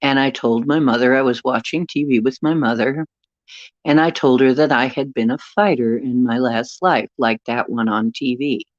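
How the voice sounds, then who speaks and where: A woman's voice: a bass voice, steady tone, normal speed, dry recording, dull audio. A middle-aged woman telling a rambling personal story to a live chat, stopping now and then to greet viewers. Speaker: paranormal livestream host.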